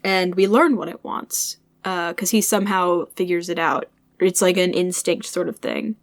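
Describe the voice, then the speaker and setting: A woman's voice: fairly low pitch, moderate pace, no room sound, clean studio sound. A woman co-hosting a casual book podcast, wryly retelling scenes as dialogue and laughing often. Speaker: podcast co-host.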